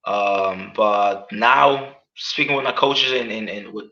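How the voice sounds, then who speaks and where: A man's voice: on the low side, slow, vocal fry, sharp tone. A man being interviewed as an MMA fighter, talking earnestly and casually, repeating his words and often adding "man". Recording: dull, lo-fi sound.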